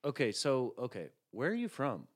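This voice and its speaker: A man from Tennessee hosting a podcast, talking at a calm, even, unhurried pace. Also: mid-range voice. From Chattanooga, Tennessee. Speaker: podcast host. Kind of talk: casual interview chat.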